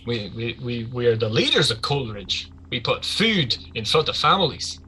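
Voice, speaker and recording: A man voicing a blustering male gang boss who swings from shouting to mock politeness. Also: medium pitch, big pitch swings, moderate pace, slight background noise, rough recording. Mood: oily menace.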